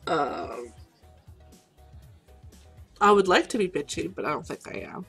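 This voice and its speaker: A woman's voice: deep voice, very animated, unhurried, creaky, pauses often, slightly rough, soft background music. A woman casually commenting while she plays a game, self-deprecating and prone to giggling. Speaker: game streamer. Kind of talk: let's play commentary.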